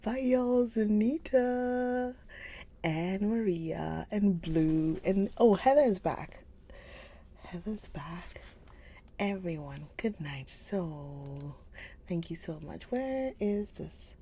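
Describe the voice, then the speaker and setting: Lady streamer chatting late at night, low slow gravelly voice, keeps going whispery. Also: animated, a little hiss or hum. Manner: often drops into a soft whisper; chatty and gushing about books. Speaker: livestream book reader host. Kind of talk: casual livestream chat.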